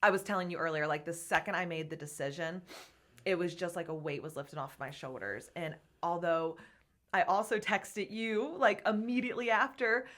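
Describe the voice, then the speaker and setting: A woman's voice: on the low side, normal speed, fairly bright tone. A woman guest on a podcast, chatting candidly and laughing often as she talks about her work. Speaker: podcast guest, gym co-owner. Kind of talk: casual interview chat.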